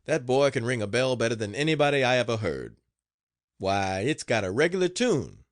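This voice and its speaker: A man's voice: medium pitch, very animated, normal speed, no echo, studio quality, close to an everyday voice. A man voicing a suspicious old male plantation master, grumbling out warnings in an audiobook reading. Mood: admiring.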